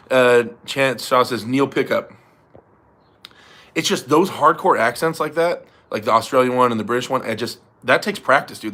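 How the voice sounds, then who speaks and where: A man's voice: mid-range voice, pushed and bright. A young man hosting a livestream, reading super chats in loose casual chat, swearing and laughing often.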